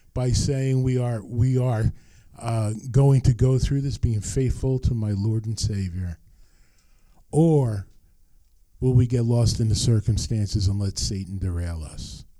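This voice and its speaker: A man's voice: mid-range voice, measured pace, mellow, dry recording. An older man preaching a sermon as pastor, earnest and emphatic, repeating his key phrases.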